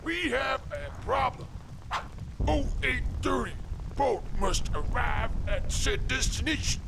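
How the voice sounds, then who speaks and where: An actor playing a gruff male army officer who recruits soldiers and barks orders, heard as game audio over music. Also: very high-pitched, lively intonation, slow pace, background noise, exaggerated voice. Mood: barking.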